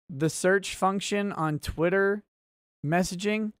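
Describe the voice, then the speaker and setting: A man's voice: on the high side, expressive, a little slow, dry recording, clean studio sound. Wry, rambling male stream host. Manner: rambling, easily sidetracked, wry. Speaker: livestream host reading chat. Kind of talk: casual livestream chat.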